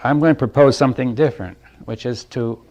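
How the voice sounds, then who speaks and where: A man giving a reflective talk to a group, thinking aloud in halting phrases, checking in with "right?" and chuckling lightly between points. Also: mid-range voice, darkish tone. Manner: thoughtful, halting, often asks "right?". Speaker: speaker leading a group dialogue.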